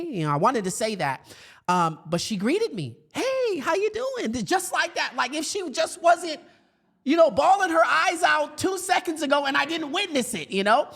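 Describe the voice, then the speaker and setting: High-voiced man giving an animated motivational talk. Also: gravelly. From grew up in foster care. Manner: conversational, animated, many fillers and asides. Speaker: podcast host and speaker for educators.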